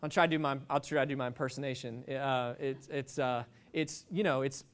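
A man's voice: medium pitch, fairly even intonation, fairly quick, a bit bright. A man preaching a sermon, telling stories in a rambling, joking way with many restarts.

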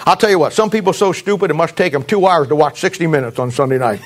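A man's voice: fairly high pitch, fast talker, background noise. A middle-aged male pastor preaching a sermon in a blunt, folksy way, with sarcastic asides.

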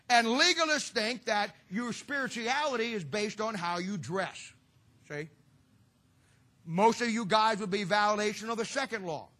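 Middle-aged male preacher, high bright voice, folksy and joking, storytelling sermon. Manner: folksy, joking, sarcastic asides.

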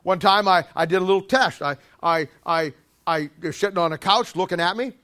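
High, bright-voiced animated preacher. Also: male voice, brisk. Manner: animated and humorous, with stammered restarts and acted-out scenes. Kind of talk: sermon.

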